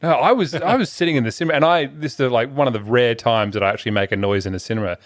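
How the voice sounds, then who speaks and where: A man co-hosting a podcast, chatting casually and easily, quick to laugh and often giving short replies. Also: medium pitch, noisy background. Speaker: podcast co-host. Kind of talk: casual chat.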